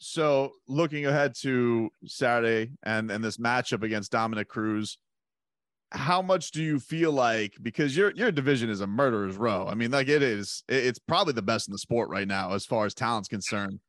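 A man's voice: medium pitch, moderate pace, a bit bright, no room sound, clean studio sound. A man hosting a podcast, asking a long, rambling question with restarts. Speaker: podcast host. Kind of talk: interview questions.

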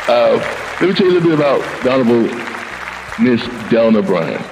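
A man hosting a podcast panel, praising his guests warmly and stumbling over repeated words. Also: medium pitch, sing-song, fast talker, in a large hall, crowd noise, noisy background. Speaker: podcast host. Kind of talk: emotional panel introduction.

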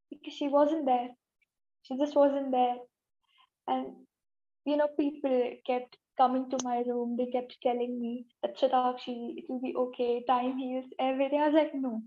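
A young woman tells a personal story in an emotional, halting way, often repeating herself. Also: high voice, phone-quality sound.

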